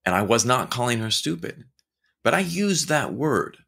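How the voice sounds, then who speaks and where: A man in a casual motivational talk whose pitch jumps up and down as he tells stories. His tone is bright and forward, and he talks straight to the listener. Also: moderate pace, creaky, breathy edge. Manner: animated storytelling, acting out quoted voices; conversational, addresses listener directly.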